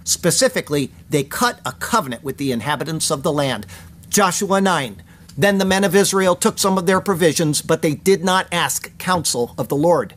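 High-voiced man reading a sermon. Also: expressive. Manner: reads scripture aloud, slows down to sound out Hebrew words. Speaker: pastor.

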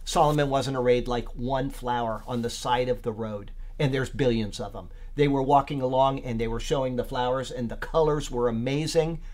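A man's voice: mid-range voice, steady tone, normal speed, hardly any pauses, darkish tone. A man leading a podcast Bible study, rambling and searching for words with many fillers, then reading aloud and leaning hard on key words.

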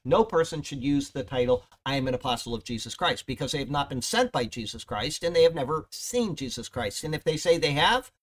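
Bible teacher, male, slightly high voice, emphatic and chatty. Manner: emphatic, conversational, often checks in with "okay?".

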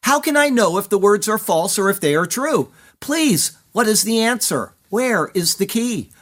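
A searching, doubting man voiced by a male preacher asks question after question. His voice sits high and pleading. He speaks in a poetic, earnest way. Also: expressive, moderate pace. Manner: questioning, pleading, then resolved. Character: doubting male churchgoer seeking the truth.

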